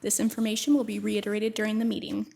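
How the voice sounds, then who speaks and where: A woman's voice: mid-range voice, fast talker, gravelly, breathy edge. A woman clerk reading meeting procedures and a roll call in a formal, scripted way. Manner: formal, scripted, even delivery.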